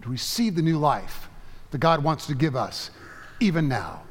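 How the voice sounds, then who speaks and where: A man's voice: a little high, big pitch swings, breathy edge. Man preaching in a reverberant sanctuary. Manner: storytelling, measured with frequent halting repeats. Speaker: pastor. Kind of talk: sermon.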